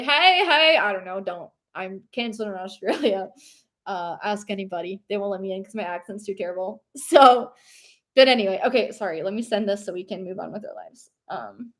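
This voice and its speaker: A woman's voice: medium pitch, brisk. A young woman streamer chatting casually and rambling, reading chat aloud and laughing often.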